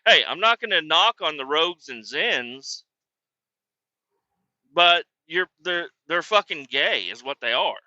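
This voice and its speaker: A man hosting a comedy podcast, ranting with heavy profanity and sudden bursts of shouting. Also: on the high side, expressive, unhurried, no room sound. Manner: profane, erupts into shouting tirades. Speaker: podcast host. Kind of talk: comedic rant. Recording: dull lo-fi recording.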